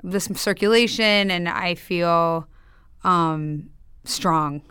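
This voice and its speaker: Smooth-voiced chatty woman guest. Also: on the low side, drawn-out words, fairly bright tone, no echo, clean studio sound. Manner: chatty, laughs often, self-deprecating. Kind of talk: casual podcast chat.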